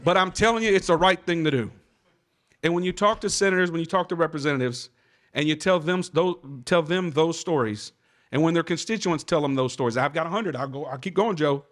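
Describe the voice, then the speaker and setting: Male legislator, quick and earnest, storyteller on a panel. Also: fairly high pitch, a bit bright. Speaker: state legislator. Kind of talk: panel discussion.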